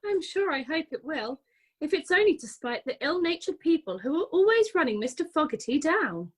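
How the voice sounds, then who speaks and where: A woman's voice: high-pitched, big pitch swings, normal speed. A woman playing a chirpy young bridesmaid. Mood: soothing. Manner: soothing, gossipy.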